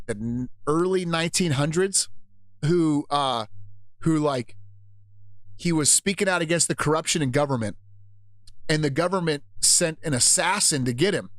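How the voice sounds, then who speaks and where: A middle-aged man from Seattle hosting a livestream, talking casually with lots of swearing and sudden animated outbursts. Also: fairly high pitch, dry recording, studio quality. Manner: profane, animated, swings into loud outbursts. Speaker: livestream host.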